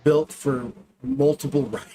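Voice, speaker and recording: A man's voice: fairly high pitch, steady tone, unhurried, mellow, a little hiss or hum. A man narrating and running a tabletop role-playing game in a casual way. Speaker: game master.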